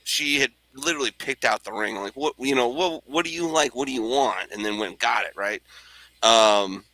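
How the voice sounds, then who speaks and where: A middle-aged man, a podcast host, telling a story in casual chat, animated and jokey, acting out the people in it. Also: medium pitch, moderate pace, no room sound, rough recording. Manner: animated, jokey, acts out voices in his stories.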